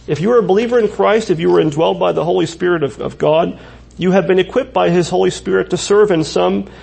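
Male pastor, raised pitch, raspy tone, conversational sermon delivery. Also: quick pace, darkish tone. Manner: conversational preaching with frequent restarts and asides. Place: church.

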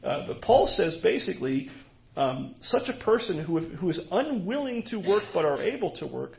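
A male preacher delivers a sermon with a lively, swooping delivery, often doubling back on his words and asking the congregation questions. His voice sits high and gravelly, captured on a dull, lo-fi recording. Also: moderate pace. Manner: animated, rhetorical questions, repeats words. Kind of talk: expository sermon.

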